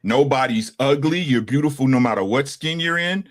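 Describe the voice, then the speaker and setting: A man in his sixties co-hosts a casual talk-show podcast, speaking bluntly with lots of profanity and often ending his points with "right?". His voice is medium-pitched at a normal speed.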